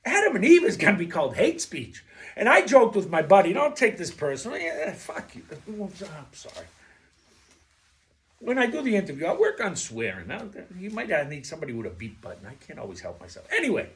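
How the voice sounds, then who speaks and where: A man's voice: high voice, brisk. A man talking straight to his viewers in a rambling casual monologue, blunt and profane, who keeps drifting off topic. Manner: digressive and profane, loses his thread; blunt and animated. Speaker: vlogger.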